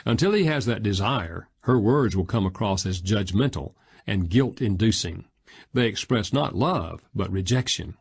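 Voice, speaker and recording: A man narrating an audiobook in a measured, expressive reading style. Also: fairly low pitch, vocal fry, husky.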